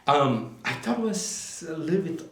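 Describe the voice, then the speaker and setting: A man co-hosting a film podcast in casual chat, enthusiastic and halting, with many fillers. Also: fairly high pitch, very animated, a bit bright. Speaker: podcast co-host, film reviewer. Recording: echoey room.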